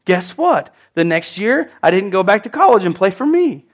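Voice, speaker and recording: A man's voice: sits high, big pitch swings, normal speed. A man in his thirties preaching a sermon, telling personal stories in an emphatic way.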